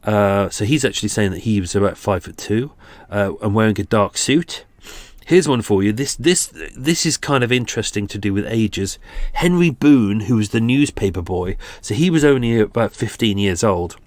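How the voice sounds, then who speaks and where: A man's voice: lowish voice, lively intonation, moderate pace, no echo. A man in his forties with a British accent, hosting a true-crime podcast in a chatty, self-deprecating way. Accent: British English. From England. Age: 40s. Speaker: podcast host.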